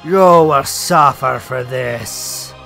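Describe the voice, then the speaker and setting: A man's voice: medium pitch, creaky, pushed and bright, faint music behind, heavily acted. Man doing a menacing undead pirate lord. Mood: wrathful. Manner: slow, growled villain delivery. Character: undead male pirate master, menacing and lecherous. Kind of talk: let's play dialogue reading.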